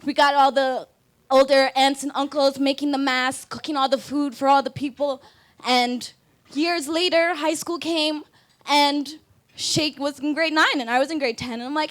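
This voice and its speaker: A woman's voice: sits high, steady tone, moderate pace. A young woman, the maid of honor, giving a casual, rambling, heartfelt wedding toast.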